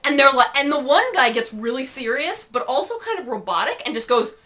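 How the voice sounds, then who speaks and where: A young woman tells a story to camera in a snarky, rambling vlog style. Her voice is high and swings widely in pitch. Her tone is bright and ringing. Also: very animated, brisk. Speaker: vlogger.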